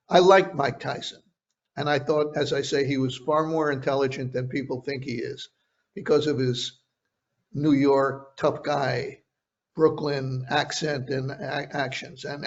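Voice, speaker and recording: An older journalist telling stories about past interviews in a halting, conversational way, with frequent restarts. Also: male voice, medium pitch. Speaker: journalist guest recounting interviews. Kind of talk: conversational storytelling. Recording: dull lo-fi podcast audio.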